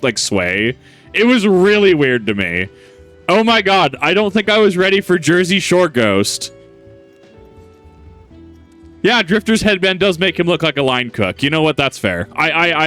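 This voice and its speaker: Streamer dude rambling over his game, smooth clear voice, faint game music behind. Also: on the high side, fairly bright tone. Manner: rambling, lots of "like", laughing asides. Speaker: gaming streamer. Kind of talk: casual gameplay commentary.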